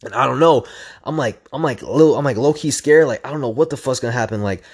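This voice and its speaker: A man's voice: medium pitch, fast, slightly rough. A young man telling a story in a casual, intense way, swearing often, repeating phrases and acting out his own inner voice. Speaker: storyteller recounting a hard run.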